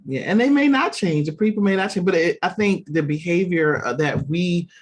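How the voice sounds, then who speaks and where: A woman in a casual discussion, animated and self-deprecating, telling homely examples. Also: fairly low pitch, moderate pace.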